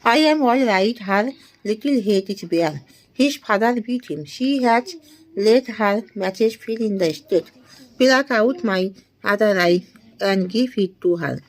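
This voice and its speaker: A woman's voice: mid-range voice, rough recording. A woman, a tutor reading short practice sentences one by one. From India. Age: 20s. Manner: slow, deliberate reading of short sentences with small laughs. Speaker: English tutor.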